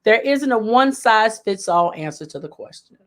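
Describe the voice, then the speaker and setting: Woman host giving life advice, emphatic, says things twice, voice a bit high. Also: lively intonation, fairly quick. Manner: emphatic, repeats points for emphasis. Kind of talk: live self-help talk.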